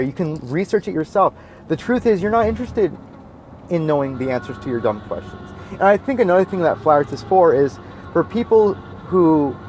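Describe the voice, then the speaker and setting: Man, higher pitch, heated profane rant, repetitive and blunt. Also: darkish tone. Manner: heated, blunt and profane, repeats his points. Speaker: video commentator. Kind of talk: ranting monologue.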